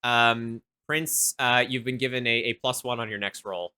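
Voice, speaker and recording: Bright-voiced male game master. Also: mid-range voice, steady tone, clear, resonant tone. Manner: halting, full of fillers. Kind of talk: narrating a tabletop game.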